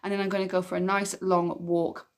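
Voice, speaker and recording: A woman's voice: lowish voice, flat delivery, brisk, smooth. Casting note: woman, solo vlogger, reflective and frank, speaks plainly with lots of ums. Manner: reflective, candid, many ums and soft trailing-off. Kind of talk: casual vlog talk to camera.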